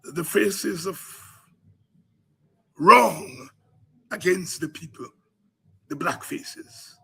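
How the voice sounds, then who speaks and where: Fiery, raspy Guyanese man. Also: high voice, drawn-out words. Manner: preaching cadence, rising to cries and shouts. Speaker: political commentator host. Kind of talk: impassioned political oration.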